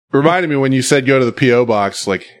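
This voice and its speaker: A man hosting a podcast, telling a story in a loose, rambling way with plenty of fillers and the odd curse word. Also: mid-range voice. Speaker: podcast host. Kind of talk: casual chat.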